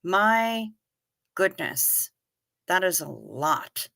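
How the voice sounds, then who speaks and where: A woman hosting a casual livestream, chatting and reacting to comments with quick asides. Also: fairly low pitch, big pitch swings, vocal fry, sharp tone, no echo. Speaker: livestream host reading chat. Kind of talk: casual chat.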